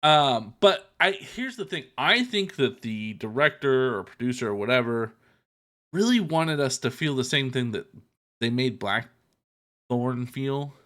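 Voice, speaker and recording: A man at a middle pitch, chatting casually as a podcast co-host. He walks through the episode scene by scene in a loose, swearing style and drops in quick asides as he goes. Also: lively intonation, a bit bright. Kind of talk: casual chat recapping a TV episode.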